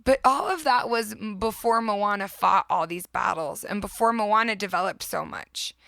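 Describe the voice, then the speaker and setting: Bright, enthusiastic woman podcast host. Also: mid-range voice, vocal fry, no room sound. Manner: enthusiastic, heartfelt, quick storytelling. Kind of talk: casual reflective podcast talk.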